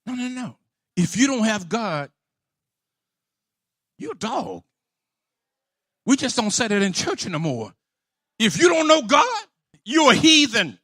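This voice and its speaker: High, gravelly shouting preacher man. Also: big pitch swings, measured pace, pauses often, dry recording. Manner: shouting, call-and-response preaching. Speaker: pastor. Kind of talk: sermon.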